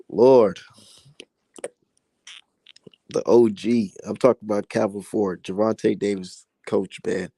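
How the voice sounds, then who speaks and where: A young man holds forth on boxing in a loose, heated monologue, swearing freely and pitching up when riled. His voice carries a gravelly rasp, and the recording is dry and close with no room sound. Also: steady tone, moderate pace, dark tone, no echo. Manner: profane, heated ranting that climbs high when worked up. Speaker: boxing commentary host. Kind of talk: casual boxing commentary monologue.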